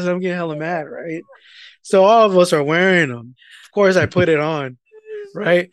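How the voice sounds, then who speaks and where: A man, telling a casual, profane story and loudly acting out the people in it. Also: high-pitched, fairly quick, clean tone, dry recording, studio quality. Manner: animated, profane, rant-like, acts out quoted people loudly. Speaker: podcast co-host telling a story.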